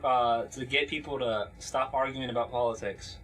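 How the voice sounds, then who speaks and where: A man's voice: mid-range voice, fairly even intonation, moderate pace, fairly bright tone. A man hosting a casual podcast, rambling loosely with fillers and swearing as he reads out news. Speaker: podcast host.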